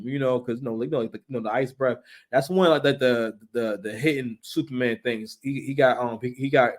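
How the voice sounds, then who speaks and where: A man giving casual, animated commentary on a reality show, full of slang, repeated words and acted-out quotes. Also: mid-range voice.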